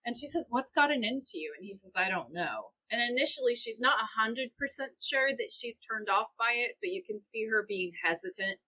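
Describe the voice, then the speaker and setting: A woman's voice: on the high side, animated, fairly quick, hardly any pauses, pushed and bright, husky, low-quality recording. A young woman co-hosting a podcast, animatedly retelling scenes and quoting the characters in her own voice. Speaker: podcast co-host. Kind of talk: casual recap chat.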